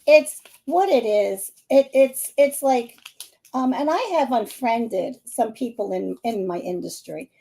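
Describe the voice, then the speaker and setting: Host: middle-aged woman, Philly-area accent, high-pitched, lively and laughing, talking to viewers on a live stream. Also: a little slow, creaky. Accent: Philadelphia area. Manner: chatty, animated, laughing often. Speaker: psychic medium hosting a live stream.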